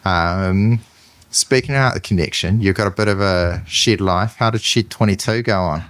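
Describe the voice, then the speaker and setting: A man's voice: deep voice, moderate pace, a bit bright, dry recording. A man with a New Zealand accent hosting a podcast, sharing earnest and enthusiastic opinions in a rambling, casual way. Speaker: podcast host. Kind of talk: casual chat.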